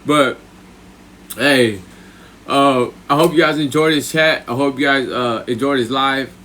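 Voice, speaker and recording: A man's voice: mid-range voice, fairly even intonation, measured pace, bright, forceful tone, a little hiss or hum. Man telling a story, rambling and profane. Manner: profane, rambling, with frequent "right?" and "you know what I'm saying". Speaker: livestreamer. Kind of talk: casual storytelling on a live stream.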